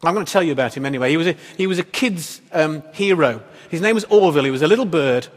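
A man's voice: fairly high pitch, expressive, fast. A man preaching a sermon as pastor, in a conversational, wry style full of rhetorical questions. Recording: echoey hall reverb.

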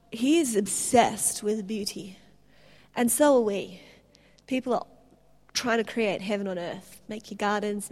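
A woman preaching a sermon, telling stories in an animated way with restarts. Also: medium pitch. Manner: animated storytelling with laughs and restarts.

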